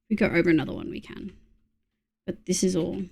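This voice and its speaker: This young Australian streamer has a lowish, husky, gravelly voice with a darkish tone, and she talks quickly. While playing, she chats casually to her viewers, mutters away, and curses at whatever irritates her.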